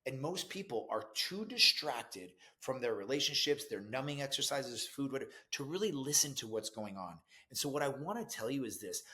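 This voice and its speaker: A man's voice: mid-range voice, pushed and bright. A middle-aged man speaking as a business coach in a motivational talk to camera, earnest and emphatic in a conversational way.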